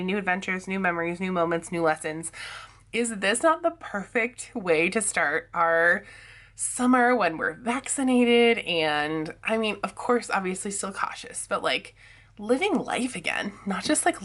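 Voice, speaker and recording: A young adult woman with a raspy, groggy morning voice, chatting casually to camera about her planners, rambling and laughing often. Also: medium pitch, expressive, moderate pace, fairly bright tone. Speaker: planner vlogger.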